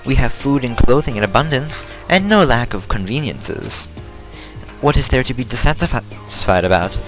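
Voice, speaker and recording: A man reading the lines of a calm, aloof teenage girl in a measured, formal way. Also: mid-range voice, faint music behind, voice pushed up, close to an everyday voice, rough recording. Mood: composed.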